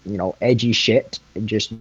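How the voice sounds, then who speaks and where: A man's voice: fairly low pitch, fairly even intonation, normal speed, breathy edge, no echo, lo-fi sound. Laid-back, foul-mouthed guy in dry sound. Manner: profane, laid-back, laughs often. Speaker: guest YouTuber. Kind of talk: casual improvised storytelling.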